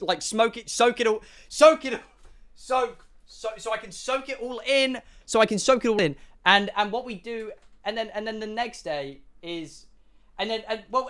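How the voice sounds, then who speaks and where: A young man streaming, telling a rambling, profane story to his live chat in an animated way. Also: high voice.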